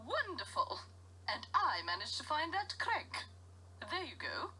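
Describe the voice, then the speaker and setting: A woman's voice: sits high, sing-song, measured pace, sharp tone, heavily acted. An actress playing a refined, teasing older English lady in a mystery game. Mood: amused. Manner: refined, teasing, theatrical laughter. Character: genteel older English lady, fond of rhymes.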